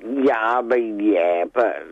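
A man's voice: lowish voice, slow pace, dry recording, highs cut off. A man calling a radio show, easygoing and a little hesitant in his answers. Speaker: caller. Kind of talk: phone-in chat.

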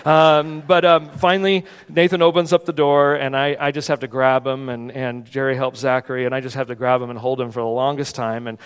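A man preaching a sermon in a church, telling a personal story in an animated, conversational way. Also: mid-range voice, fairly quick, few pauses, smooth. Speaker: pastor. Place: church sanctuary. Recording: long hall reverb.

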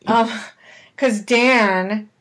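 A woman co-hosting a casual podcast chat, chatty and quick to laugh. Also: on the high side, a bit bright. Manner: chatty, laughs often, romantic enthusiast. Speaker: podcast co-host.

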